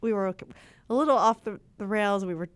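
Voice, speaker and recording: A woman's voice: mid-range voice, fairly quick, no echo. A woman co-hosting a podcast in casual banter, chatty and self-deprecating, laughing a lot. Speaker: podcast co-host.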